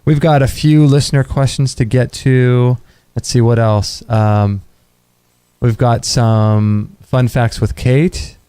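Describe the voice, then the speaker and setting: A man hosting a radio talk show, relaxed and rambling with restarts. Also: medium pitch, takes it slowly, clean tone, no room sound. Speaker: podcast host. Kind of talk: casual chat.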